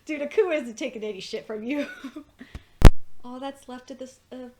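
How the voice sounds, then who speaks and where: A woman giving a casual fan review of a TV episode, excitable and gushing, swearing freely, laughing often, and jumping high in pitch when she gets worked up. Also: normal speed, very noisy.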